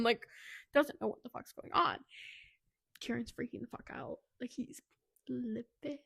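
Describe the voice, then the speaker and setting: A chatty woman with a slightly high voice recaps a book for her co-host. She rambles, drops "like" into nearly every phrase, and slips into quick snippets of the characters' dialogue. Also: gravelly, a bit bright, dry recording, clean studio sound. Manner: rambling retelling full of "like", acting out quotes. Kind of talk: casual book recap chat.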